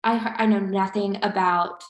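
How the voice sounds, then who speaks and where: A woman's voice: mid-range voice, fairly even intonation, unhurried. Rambling young woman in an echoey room. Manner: rambling, filler-heavy storytelling. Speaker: podcast co-host. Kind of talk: casual chat. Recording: roomy echo.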